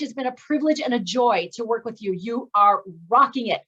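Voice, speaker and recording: A woman with a fairly high voice leads a graduation call for her speaking students, gushing with encouragement and praise. The audio comes through slightly muffled and lo-fi, like a video call. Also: lively intonation, fairly quick, fairly bright tone, husky. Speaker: speaking coach and course host.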